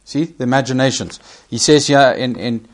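A man's voice: medium pitch, normal speed. A man preaching a sermon, emphatic, repeating key phrases and rising sharply when he quotes scripture.

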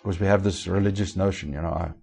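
A man preaching a sermon as pastor, asking the congregation rhetorical questions and swinging between raised and hushed delivery. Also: sits low, steady tone, quick pace, creaky, slightly rough.

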